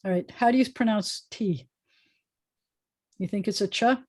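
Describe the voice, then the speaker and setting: A woman rabbi teaching an informal class over a video call, chatting and thinking aloud as she goes. Her voice is mellow and relaxed, of middle pitch. The sound is dry and close. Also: unhurried, no room sound. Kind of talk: informal online lesson.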